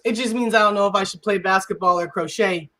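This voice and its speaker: A woman in her forties performing a stand-up comedy set on a live stage, animated and acting out dialogue in playful voices. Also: mid-range voice, fast.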